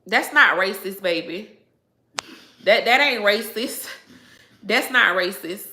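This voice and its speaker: A woman's voice: medium pitch, animated, takes it slowly, sharp tone, echoey room, slight background noise. A woman hosting a casual livestream, talking emphatically, repeating herself and laughing often. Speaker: livestream host answering viewers.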